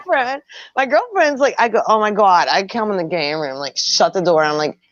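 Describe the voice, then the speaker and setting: A middle-aged woman telling a wild story in casual chat, animated, laughing often, and swearing freely. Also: mid-range voice, brisk, muffled recording.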